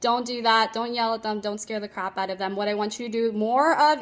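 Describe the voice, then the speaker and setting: A woman with a slightly high voice talks as a dog trainer on a phone livestream. She is chatty and emphatic and laughs often as she gives casual tips. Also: a little fast, few pauses, fairly bright tone.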